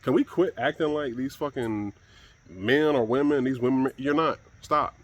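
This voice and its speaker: A man's voice: mid-range voice, moderate pace. A man giving a blunt, profane and exasperated solo commentary on camera.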